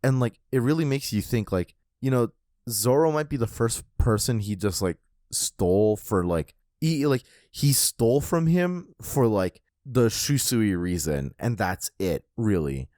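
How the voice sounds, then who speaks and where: A man co-hosting a podcast, casually chatting and retelling a comic with lots of swearing and excitement. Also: on the low side, unhurried, dry recording, studio quality. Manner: profane, animated retelling of a comic. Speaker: podcast co-host. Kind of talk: casual chat.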